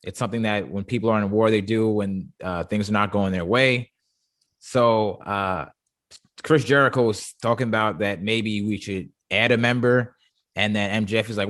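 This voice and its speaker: A man hosting a casual review chat, stumbling and repeating words when he gets excited. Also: on the low side, moderate pace. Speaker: show host.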